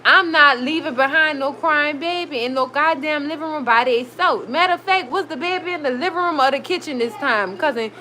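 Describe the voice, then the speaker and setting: Heated, high-voiced woman recapping a show. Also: fairly quick, hardly any pauses, slight background noise, rough recording. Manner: animated, swearing, heated reactions. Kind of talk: casual TV recap vlog. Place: her room at home. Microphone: recorded.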